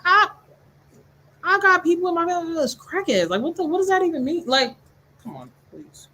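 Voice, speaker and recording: A woman's voice: very high-pitched, sing-song, moderate pace, pushed and bright, a little hiss or hum, poor audio. A young woman hosting a book club livestream, chatting casually and animatedly, laughing often and acting out scenes in voices. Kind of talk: casual chat.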